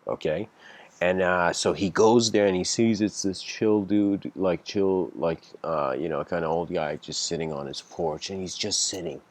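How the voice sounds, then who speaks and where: Deep-voiced man rambling through a lecture. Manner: rambling, full of fillers and restarts; acts out characters in the story with raised voice. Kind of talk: casual spoken lecture.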